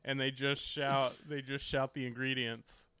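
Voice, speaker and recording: A man's voice: medium pitch, unhurried, clear, resonant tone. A man chatting casually, telling stories with lots of laughter. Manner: laughs often, animated storytelling. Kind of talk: casual chat.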